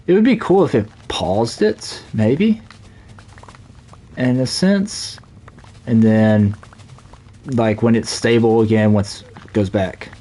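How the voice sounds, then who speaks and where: Slow-talking Southern US man streaming. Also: medium pitch, dark tone. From Southern United States. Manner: rambling, halting, many fillers. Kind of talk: casual live-stream chat while playing.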